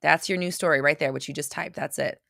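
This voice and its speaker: A woman's voice: sits low, steady tone, fast, creaky, fairly bright tone, dry recording, clean studio sound. A woman hosting a livestream and answering viewer questions, blunt and intense, hammering points home with repetition. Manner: blunt, intense, repeats phrases for emphasis. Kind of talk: unscripted livestream talk.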